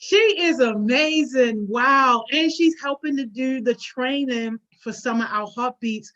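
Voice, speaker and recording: A woman's voice: sits high, a little slow, a bit bright, muffled recording. A woman hosting a live stream, upbeat and casual, greeting viewers one by one. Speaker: host.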